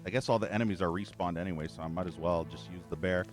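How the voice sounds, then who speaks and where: A man's voice: sits low, steady tone, rapid-fire, over music. A man streaming a video game, complaining and cursing as he plays. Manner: irritated, cursing, ranting. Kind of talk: gameplay commentary.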